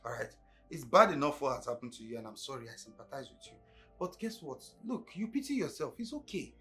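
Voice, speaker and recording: A man's voice: mid-range voice, big pitch swings, brisk, soft background music. An actor with a Nigerian accent playing a proud young driver who lectures his boss bluntly. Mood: calm. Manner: lecturing, scolding loudly. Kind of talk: Nollywood film acting.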